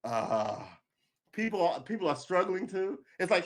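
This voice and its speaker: A man's voice: on the high side, big pitch swings, fairly quick. A man giving live political commentary, angry and sarcastic, swearing, reading news aloud and cutting in with remarks.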